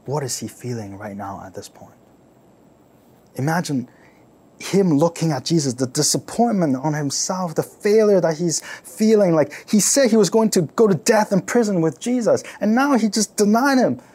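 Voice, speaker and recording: A man preaching, retelling a story dramatically, repeating phrases and asking listeners to imagine the scene, swinging from loud outbursts to near-whispers. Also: on the high side, lively intonation, normal speed, breathy edge. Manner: repeats words and phrases for emphasis; asks listeners to imagine, rhetorical questions. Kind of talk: sermon storytelling.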